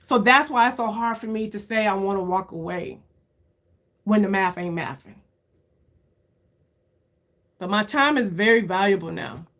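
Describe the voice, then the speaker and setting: A woman's voice: mid-range voice, normal speed, pauses often, fairly bright tone. Candid woman in her fifties chatting. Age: 50s. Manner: candid, searching, talks straight to viewers with lots of "y'all". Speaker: YouTube beauty creator. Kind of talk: casual live chat with viewers.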